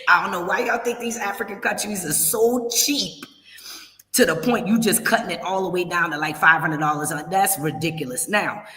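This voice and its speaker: A woman's voice: medium pitch, huge pitch swings, moderate pace, bright, forceful tone. Emphatic woman, roomy echo. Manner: emphatic, repeats warnings, talks straight to viewers. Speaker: relocation services host. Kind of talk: livestream advice talk. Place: her home in Kenya.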